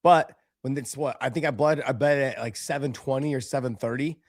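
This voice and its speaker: A man's voice: mid-range voice, a little fast, no echo, clean studio sound. A man hosting a sports podcast, telling loose, rambling stories in casual chat. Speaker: podcast host.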